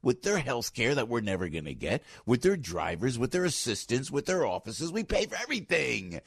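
A man hosting a talk radio show, delivering an opinionated monologue with lively swings and mocking asides. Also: medium pitch, a little fast, creaky, slightly rough, dry recording, clean studio sound. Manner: animated, mocking voices, loud outbursts.

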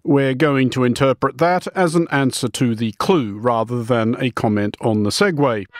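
A man's voice: mid-range voice, normal speed, raised voice, noisy background. A man hosting a radio news show, reading scripted satirical commentary in a dry, ornate, mock-pompous manner.

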